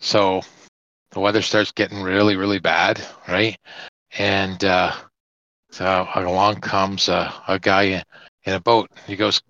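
Bright-voiced male co-host, chatty storyteller, dry lo-fi podcast sound. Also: deep voice, level tone, no echo. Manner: chatty storyteller, halting restarts. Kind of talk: casual chat. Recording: dull, lo-fi, dry podcast audio.

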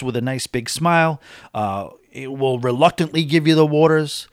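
A man's voice: mid-range voice, a little fast, no echo, studio quality. A man vlogging about a cruise in a casual, opinionated monologue, talking with emphasis.

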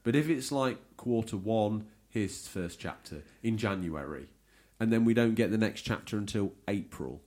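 A man hosting a casual podcast about games, animated and jokey as he reads out listener messages. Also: fairly low pitch, normal speed. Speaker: podcast host.

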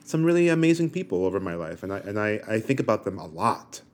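Podcast co-host, man, low voice with wide pitch swings, halting reflective delivery. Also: very animated. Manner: halting, repeats words, reflective. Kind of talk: casual chat.

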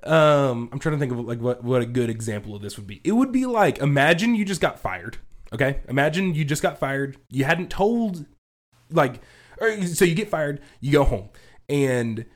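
A man's voice: medium pitch, normal speed. A young man in casual chat, rambling and acting out quotes as he tells a story. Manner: rambling, animated, acts out quotes. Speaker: co-host.

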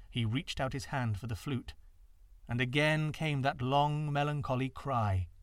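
A man narrating folktales in an expressive, dramatic reading. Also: mid-range voice, dry recording, clean studio sound. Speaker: storyteller. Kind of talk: scripted storybook narration.

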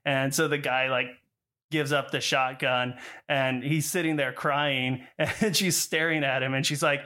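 A man's voice: medium pitch, steady tone, a little slow, sharp tone. A man co-hosting a podcast, animatedly retelling a movie plot in casual chat and laughing often as he mimics the characters. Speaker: podcast co-host.

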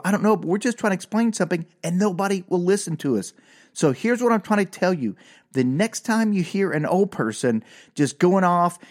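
An older man hosting a podcast, telling a self-mocking comic story with animated, exasperated outbursts. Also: sits high. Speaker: podcast host.

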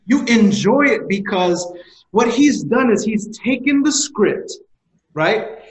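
A man's voice: high voice, big pitch swings, slow pace, reverberant, rough recording. A man in casual podcast conversation who talks emphatically and eagerly, often repeating his words.

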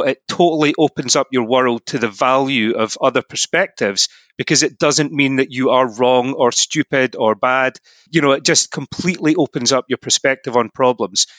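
Bright-voiced Scottish man explaining. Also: medium pitch, dry recording. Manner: earnest, explanatory, frequent "you know". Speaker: podcast guest, mindset coach. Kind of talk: casual podcast conversation.

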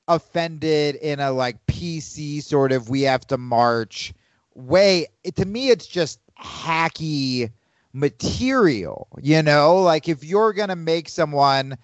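A man talking in a loose, rambling way, swearing freely and getting animated. His voice sits a bit high for a man. The recording is dry and slightly dull. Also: no echo. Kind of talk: casual chat.

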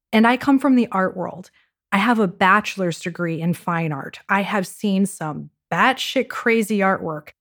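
A woman hosting a podcast, narrating a personal dating story with intimate hushed passages and wry, sarcastic asides. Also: mid-range voice. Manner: intimate, dropping to a hushed whisper for racy moments. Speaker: podcast host.

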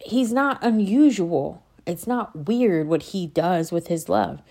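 Her voice is fairly low, gravelly, and mellow, and she speaks slowly. A faith vlogger, she talks casually and with passion about her faith, wandering off track and interrupting herself as she gets fired up.

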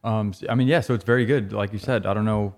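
Guy with a lowish voice cohosting a music podcast, chill and agreeable. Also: fairly even intonation, quick pace. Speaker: podcast co-host. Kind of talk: casual music podcast chat.

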